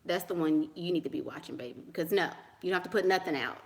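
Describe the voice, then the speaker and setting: A woman's voice: on the low side, fast. Sassy, blunt woman giving dating advice. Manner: blunt, sassy and dismissive, with frequent "honey" and "girl"; laughs often and repeats lines for emphasis. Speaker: dating advice vlogger answering viewer questions. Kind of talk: casual advice monologue.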